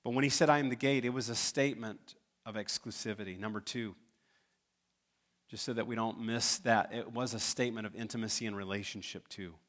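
A man's voice: on the low side, steady tone, fairly quick, fairly bright tone. Emphatic male pastor preaching a sermon. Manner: emphatic, rising to urgent pleas.

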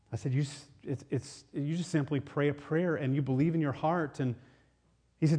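A man preaching a sermon, telling a personal story in an animated way with many restarts. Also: fairly high pitch, a little fast, breathy edge. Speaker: pastor.

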